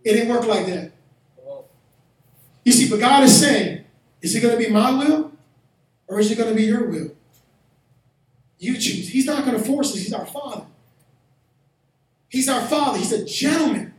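A man preaching a sermon as pastor, telling a personal story and building to shouted exhortation in a church hall. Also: very high voice, expressive, normal speed, pauses often. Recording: echoey hall, mic from a distance.

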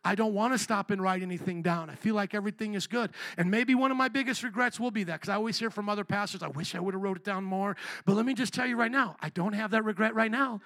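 Man, pastor, lively storytelling sermon, bright forceful tone, dry sound. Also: sits high, fast talker, hardly any pauses, dry recording. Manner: animated storytelling, acts out quotes.

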